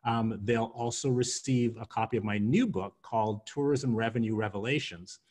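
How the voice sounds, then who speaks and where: A man's voice: mid-range voice, moderate pace, darkish tone, breathy edge. Male consultant guest from Jamaica, mid-range voice, sincere, a little hesitant. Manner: earnest, frequent ums and restarts. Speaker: guest, hospitality sales consultant. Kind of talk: interview answer, promoting his group.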